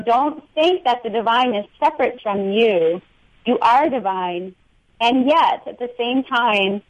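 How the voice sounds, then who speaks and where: A woman's voice: mid-range voice, no room sound, rough recording. A woman guest on a talk show speaks earnestly and in an uplifting tone about spirituality, with some fillers.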